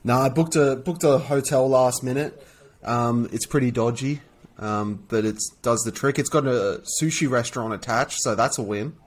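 A man's voice: medium pitch, moderate pace. A man with an Australian accent, co-hosting a podcast and telling a story in a laid-back way, swearing freely. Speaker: podcast co-host. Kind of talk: casual chat.

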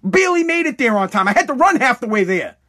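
A man's voice: very high-pitched, very animated, fast talker, pushed and bright. A man telling a casual story bluntly, full of swearing and restarts. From Massachusetts.

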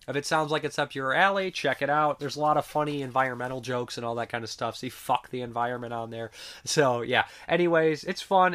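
A man's voice: medium pitch, a bit bright. Rambling, swearing male movie reviewer. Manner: rambling, swears freely, many fillers. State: sick. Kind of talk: casual unscripted review.

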